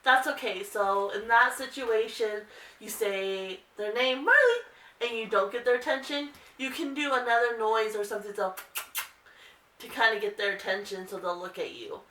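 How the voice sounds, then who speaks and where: A woman dog trainer speaks casually, explaining each step of a training exercise. Her voice is bright and forward. She sits a little away from the mic, and the indoor room adds a clear echo. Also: moderate pace, recorded from a distance. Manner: calm explaining, breaks into high sing-song calls to the dog. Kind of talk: casual instructional video. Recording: roomy echo, voice a bit off-mic.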